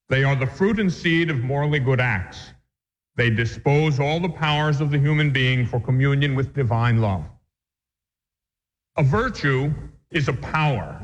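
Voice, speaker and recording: A man, a Catholic priest, teaching a catechism class in an earnest, emphatic way and repeating his key points. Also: mid-range voice. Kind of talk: religious lecture. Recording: dull lo-fi sound in a reverberant hall.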